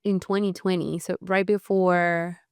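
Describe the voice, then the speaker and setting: A woman's voice: fairly low pitch, little pitch movement, measured pace, darkish tone, clear, resonant tone, no room sound, clean studio sound. A young woman from Colombia with a Colombian accent, hosting a podcast interview in a bubbly, encouraging way and laughing often. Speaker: podcast host. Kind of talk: casual interview chat.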